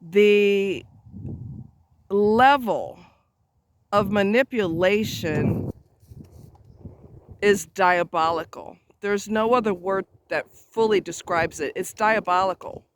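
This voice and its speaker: An advice vlogger speaks straight to camera outdoors near a road, his voice high and slow with long pauses over a little hiss or hum. His casual monologue is emphatic, blunt and chatty, sprinkled with offhand asides.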